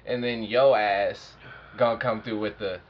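A man co-hosting a casual podcast, laid-back and slangy in his delivery. His voice is low and husky. The sound is dull and lo-fi. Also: fairly even intonation, unhurried. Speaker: podcast co-host.

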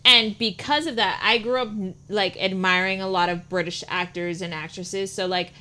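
A young woman from Mexico who speaks without an accent, trading stories in a relaxed podcast chat. She talks in lively bursts and swears freely. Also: mid-range voice, normal speed. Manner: animated, swears freely, tells long stories.

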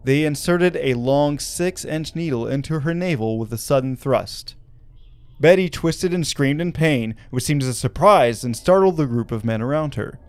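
A man's voice: mid-range voice, expressive, moderate pace, smooth, no room sound. A man from Arkansas who hosts a podcast, telling a story with wry asides and laughing at his own jokes. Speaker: podcast host.

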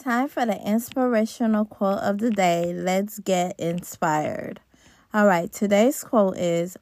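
A woman's voice: mid-range voice, slow. A young woman hosting a parenting podcast, chatting casually and calling her listeners y'all. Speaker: podcast host. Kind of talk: casual chat.

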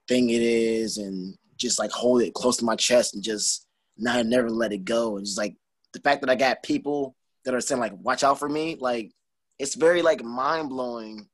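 Rambling husky young man. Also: medium pitch, no room sound. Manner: rambling, filler-heavy, excitable. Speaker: wrestler guest. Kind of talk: casual interview.

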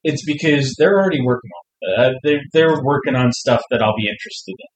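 Measured man in an echoey room. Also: mid-range voice. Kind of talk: casual chat about comics.

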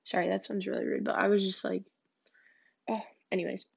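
Young woman with a gravelly vocal fry. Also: medium pitch, little pitch movement, brisk, darkish tone. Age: young adult. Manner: candid, blunt, swears freely. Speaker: podcast host. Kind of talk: casual storytelling podcast. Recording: dull lo-fi recording.

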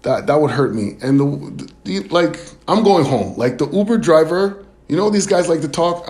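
A man performing a stand-up comedy set, telling a story in an animated way with laughs and quick acted quotes. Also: a little high. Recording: loud crowd and noise behind. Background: crowd laughter and room noise.

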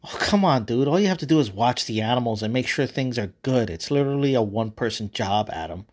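A man's voice: medium pitch, animated, fast, close to an everyday voice. A man voicing a crude, laid-back male God who swears and gets annoyed easily, in a comic story reading. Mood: offhand. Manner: swearing, casual, loud.

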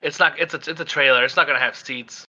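Brief: man running a tabletop game, very bright tone, lo-fi recording. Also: fairly high pitch, quick pace. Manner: loose, rambling, laughing narration. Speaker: game master. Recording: dull lo-fi sound.

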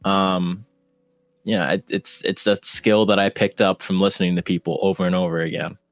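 Man, low voice, hesitant chat, lots of ums, dry close mic. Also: flat delivery, moderate pace, no echo, faint music behind. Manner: hesitant, many fillers and restarts. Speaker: podcast guest, streamer. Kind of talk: casual conversation.

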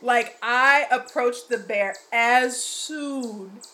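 A woman co-hosting a podcast, telling zoo stories in an animated, laughing way. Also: fairly high pitch, extremely slow. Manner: animated storyteller, laughing often. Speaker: podcast co-host. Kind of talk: casual chat.

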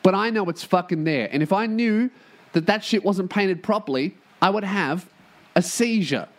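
Recorded in a room at a shared workplace, a man hosts his own podcast, rambling casually and profanely with self-mocking jokes. His voice is high-pitched and moves at a normal speed.

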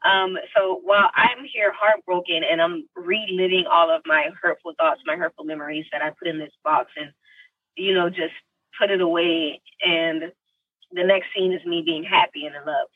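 A young woman with a husky, breathy voice tells her story on a podcast. She is animated and heartfelt, and swings high when she acts out what people said. The sound is dry, from a mic a little way off. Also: moderate pace, no room sound, recorded from a distance, narrow, tinny audio. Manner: animated, emotional, acts out quotes with big pitch jumps; heartfelt, faith-filled tone. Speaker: actress guest.

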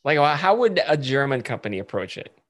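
A man's voice: mid-range voice, very animated, fairly quick, fairly bright tone. A man hosting a podcast, chatting casually and laughing easily. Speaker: podcast host. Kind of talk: casual chat.

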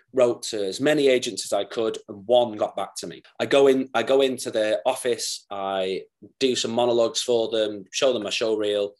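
A man with a northern English accent tells stories from his acting career in a loose, chatty way. He jumps into the voices of people he quotes and curses now and then. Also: fairly low pitch. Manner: animated, swears, acts out quoted voices. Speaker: actor; podcast guest. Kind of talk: casual storytelling chat.

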